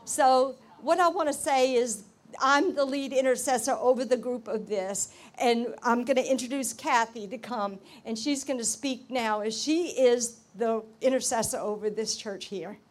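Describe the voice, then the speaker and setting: A woman's voice: on the high side, moderate pace. A woman, the lead intercessor, casually introducing the next speaker at a church gathering in a chatty, loose way.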